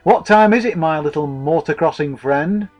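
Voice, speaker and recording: A man's voice: a little high, normal speed, a little mellow, faint music behind, lightly acted. A man voicing a blunt, sweary young lad. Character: blunt young northern lad, rough-talking.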